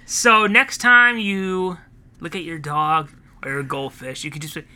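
A podcast co-host riffs through a casual comic chat in a high, very bright voice. He laughs often and slips into goofy skit voices mid-story. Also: fairly even intonation, clean tone. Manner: laughing, acting out silly skits in quick put-on voices.

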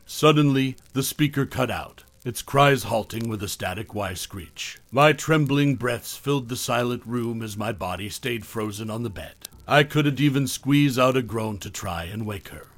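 A man narrates a first-person horror story in a measured, dramatic way. His voice sits at a middle pitch and is recorded very dry and close, with no room sound. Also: no echo.

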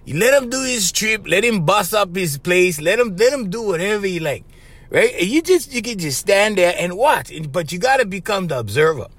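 Speaking a little fast in a high-pitched voice with no room echo, this male podcast host spins loose, chatty stories in Hawaiian Pidgin-tinged English. He peppers his monologue with "bro" and "right?" and chuckles between lines.

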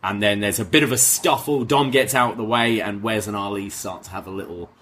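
A man's voice: lowish voice, a little fast, slight background noise. A man co-hosting a casual wrestling review podcast, recapping the episode with fillers and restarts. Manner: recaps quotes in a lively retelling, with fillers.

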